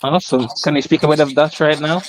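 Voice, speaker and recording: A man's voice: a little high, steady tone, fast talker, rough recording. A man co-hosting a live stream, playful and teasing, who laughs often. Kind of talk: casual live-stream chat.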